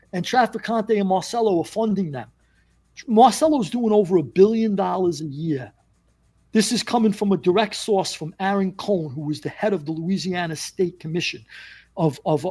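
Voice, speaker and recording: A man telling a long story as a podcast guest, acting out what people said. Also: high voice. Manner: animated storyteller, acts out quotes. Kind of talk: casual storytelling.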